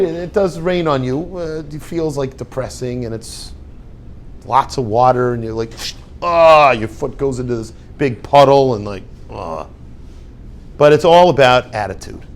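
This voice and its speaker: An older man, a rabbi and yeshiva head, giving a storytelling talk and acting out the dialogue with lively voices. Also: medium pitch. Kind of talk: storytelling lecture.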